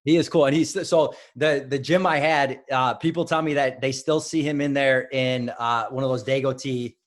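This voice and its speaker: A man's voice: mid-range voice, fairly even intonation, normal speed. A man from Illinois, a wrestling coach, telling stories as a podcast guest and often restarting his sentences. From Illinois, United States. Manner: rambling, self-correcting storyteller. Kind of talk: casual interview.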